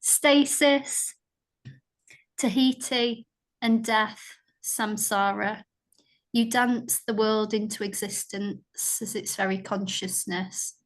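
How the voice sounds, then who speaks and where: Woman, northern English accent, reading aloud, careful, unhurried. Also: medium pitch, steady tone. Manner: careful, slow reading, stumbles over Sanskrit. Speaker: yoga student.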